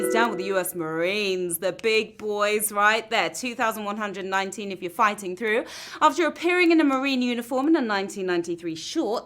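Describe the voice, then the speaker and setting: A woman's voice: medium pitch, fairly bright tone. A woman hosting a live trivia game show, playful and full of puns, with show music behind her. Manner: playful, punny and upbeat. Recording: phone recording of a stream with music behind.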